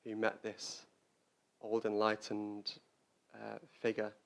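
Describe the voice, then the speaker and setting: A man's voice: fairly low pitch, monotone, takes it slowly, gravelly. A man giving a Dharma talk as a Buddhist teacher, speaking reflectively and often repeating words as he searches for them.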